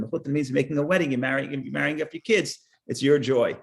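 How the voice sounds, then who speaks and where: A man teaching a Torah class, halting, repeating words and restarting, and explaining with stories and jokes. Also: on the high side, lively intonation, creaky.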